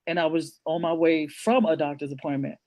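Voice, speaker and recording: A woman's voice: deep voice, steady tone, fairly quick, dark tone, no room sound. A woman guest author telling her personal story in an interview, earnest and emotional, often repeating herself as she goes.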